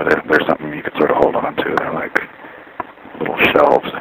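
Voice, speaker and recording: A vlogger with a very deep, gravelly voice that's a touch bright rambles through a casual monologue, dry and self-deprecating. He's outdoors beside a parking lot, traffic rumbling behind him, and the recording quality is rough.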